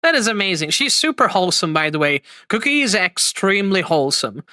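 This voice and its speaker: A man hosting a livestream, reacting to clips with expressive, mock-outraged chatter. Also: high-pitched, fairly quick, no room sound. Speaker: streamer host.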